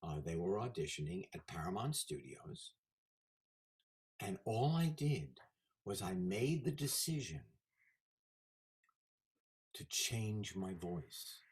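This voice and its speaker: A man in his seventies, a guest in a casual interview, telling animated stories about his career. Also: low voice, slow pace, pauses often. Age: 70s. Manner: animated anecdotal storyteller.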